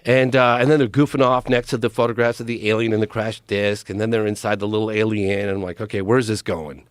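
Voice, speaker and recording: A man telling a story on a podcast in an excited, animated way, with quoted lines in his telling. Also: fairly low pitch, fast talker, no echo. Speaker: podcast guest. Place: podcast studio. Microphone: studio mic, close.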